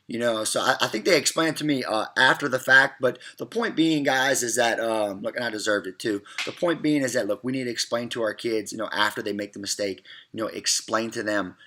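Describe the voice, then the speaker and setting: A middle-aged man talks straight to his viewers about raising kids, earnest and a little repetitive, leaning on "all right" and "look." His voice sits at an ordinary pitch with a bright, forceful edge. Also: fairly quick, hardly any pauses. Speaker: host of a parenting segment. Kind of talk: casual advice talk to camera.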